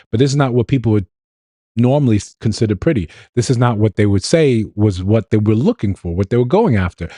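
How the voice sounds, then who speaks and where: A man's voice: on the low side, warm tone, no room sound, clean studio sound. A man hosting a livestream, giving an opinionated commentary monologue with emphatic repetition and rhetorical questions. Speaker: livestream host.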